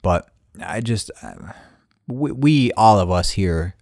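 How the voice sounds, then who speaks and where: A man hosting a podcast, telling a long, profane, animated story and acting out both sides of a support call. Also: lowish voice, takes it slowly, no echo, studio quality. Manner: animated, swears constantly, acts out both sides of conversations. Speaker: podcast host.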